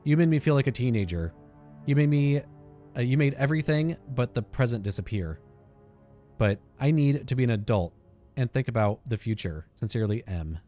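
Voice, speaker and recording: Faint music plays behind this man, who hosts a game playthrough with lively intonation and a warm tone, speaking fairly quickly. While reading the game's letters out loud, he keeps using fillers, correcting himself and starting over, now and then lowering his voice for an aside.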